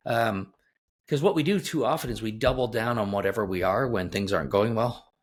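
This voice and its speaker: A man's voice: on the low side, fairly quick. A middle-aged man, an executive coach appearing as a guest, telling anecdotes emphatically and restarting his sentences often. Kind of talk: conversational storytelling.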